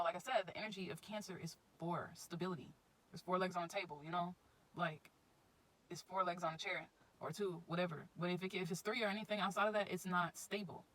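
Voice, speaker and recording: A woman's voice: on the low side, fairly bright tone, poor audio. A woman giving casual spiritual advice in a chatty, informal vlog, often circling back to her points. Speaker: astrology vlogger.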